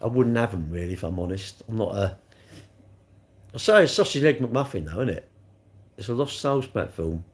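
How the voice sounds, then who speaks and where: A man's voice: lowish voice, expressive, moderate pace, long pauses. A man rambling and joking as he answers chat comments on a live stream. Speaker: livestreamer reading chat.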